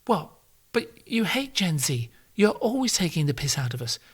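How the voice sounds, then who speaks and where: A man's voice: on the high side, big pitch swings, normal speed, slightly rough, voice pushed up. Man putting on a whiny young Gen Z critic. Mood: aggrieved. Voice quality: quiet, aggrieved.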